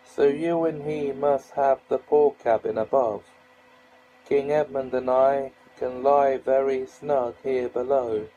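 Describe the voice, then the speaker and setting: A man's voice: medium pitch, fairly even intonation, takes it slowly, dark tone, lo-fi sound, slight background noise, natural voice. A man voicing a friendly young king in a storybook reading, speaking in courteous, old-fashioned phrasing.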